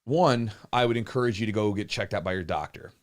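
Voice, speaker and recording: A man in his thirties hosting a live podcast Q&A, chatting casually and telling stories with lively acted-out quotes. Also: on the low side, fairly quick. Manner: animated storyteller, acts out quotes, swears casually. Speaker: podcast host and jiu-jitsu coach.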